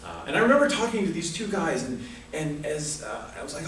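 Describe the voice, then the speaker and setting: A fast, sing-song delivery with a fairly high, somewhat bright voice marks this man's prepared humorous speech at a speaking club, where he tells a story with comic asides. The distant, echoey room recording has a little hiss or hum.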